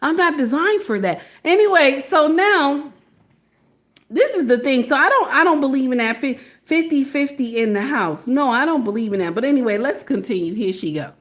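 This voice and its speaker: A woman hosts a reaction video in a high, bright register. She talks loudly and theatrically, cursing freely and laughing at her own stories. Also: expressive, normal speed. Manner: loud, theatrical, swears and laughs often. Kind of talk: animated reaction commentary.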